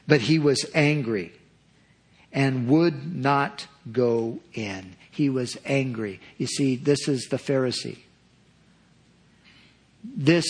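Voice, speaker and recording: A man preaching a sermon, earnest and measured, repeating phrases for emphasis. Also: medium pitch. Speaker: pastor.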